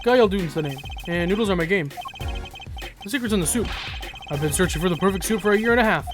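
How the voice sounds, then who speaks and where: A streamer voicing a gruff, chummy male noodle vendor who tacks "eh?" onto his lines, over game music. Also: mid-range voice, lively intonation, fast, lightly acted. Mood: rambling. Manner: folksy, ends lines with "eh?". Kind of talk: voice acting a game playthrough. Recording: game music playing underneath.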